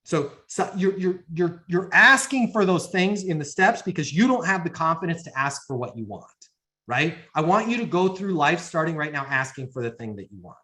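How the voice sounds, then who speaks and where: A man's voice: a little high, animated, moderate pace, sharp tone. A man running a sales training session over a video call, coaching emphatically and acting out short sales dialogues. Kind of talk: sales training talk to a live audience.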